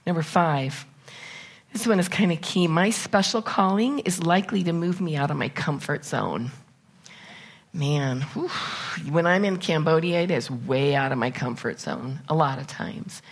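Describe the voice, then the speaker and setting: A middle-aged woman speaks from the pulpit in a relaxed, conversational way. Her voice sits a little low for a woman. She moves between candid personal stories and a numbered list of points. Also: a little slow, husky. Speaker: church speaker. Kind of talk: conversational sermon.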